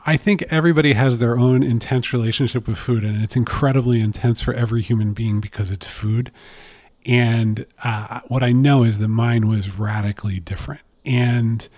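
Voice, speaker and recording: A man sharing a personal story from his office in a relaxed, candid way, full of fillers and restarts. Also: mid-range voice, moderate pace, dry recording. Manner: chatty, self-deprecating, many fillers and restarts. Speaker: interview guest.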